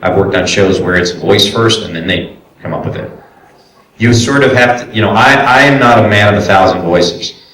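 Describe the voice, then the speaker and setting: Speaking at a moderate pace, the man's fairly low, slightly bright voice comes from a distance in an echoey room. A voice actor and director, he answers live audience questions at a convention panel in a casual, loose, chatty way packed with fillers and restarts.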